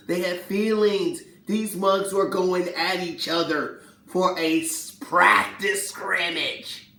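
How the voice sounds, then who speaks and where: A man hosting casual sports talk, animated and slangy, who laughs a lot and acts out quotes. His voice sits a bit high for a man. He sounds set back from the mic in a roomy, echoey space. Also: far from the mic.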